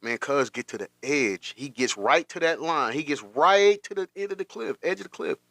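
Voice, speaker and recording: A man's voice: on the high side, animated, moderate pace, fairly bright tone, dry recording. A man hosting a reaction stream, talking with emotion, repeating himself and stopping short. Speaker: host.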